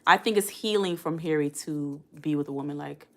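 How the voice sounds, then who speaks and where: Chatty woman streamer with a lowish voice. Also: brisk, fairly bright tone. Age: around 40. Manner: chatty, addresses the chat directly, reads comments aloud. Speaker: live stream host. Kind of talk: casual live stream reaction chat.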